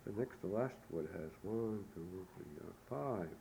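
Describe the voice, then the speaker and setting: Male pronunciation teacher, low and mellow, slow and patient repetition, faint hiss. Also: animated, vocal fry, rough recording. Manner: slow and repetitive, modeling each word twice. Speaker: language teacher. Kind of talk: pronunciation lesson.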